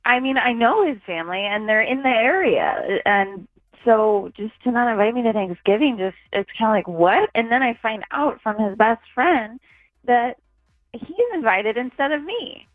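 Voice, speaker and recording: A woman's voice: fairly high pitch, lively intonation, moderate pace, dry recording. Hesitant woman caller on a tinny phone line. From Chicago area. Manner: hesitant, rambling, many fillers. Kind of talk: casual phone-in chat.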